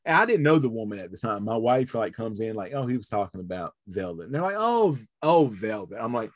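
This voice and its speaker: A podcast host with a lowish, expressive voice speaks fast, telling a story in casual chat and acting out the voices of its characters. The sound is clean studio quality with no room sound.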